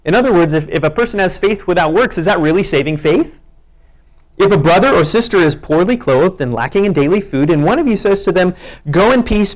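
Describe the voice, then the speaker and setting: A man preaching a sermon, reading scripture aloud with earnest emphasis. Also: high voice. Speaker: pastor.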